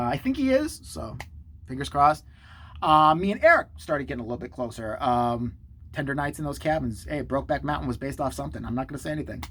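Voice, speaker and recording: A man hosting his own channel, telling a story to the camera in a sarcastic, profane, animated way. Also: a little high, slight background noise. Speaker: channel host.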